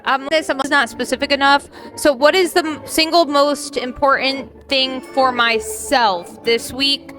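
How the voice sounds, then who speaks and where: A high-voiced woman chatting casually while hosting a board game playtest. She is encouraging and a little rambling. Soft music sits faintly behind her. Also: steady tone, a little slow, few pauses. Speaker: host. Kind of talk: casual chat at game night.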